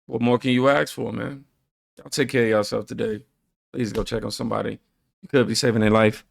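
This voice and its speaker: A man's voice: mid-range voice, level tone, a little fast, creaky, dry recording, studio quality. A man hosting a reaction channel, laid-back, reading viewer comments aloud and riffing on them.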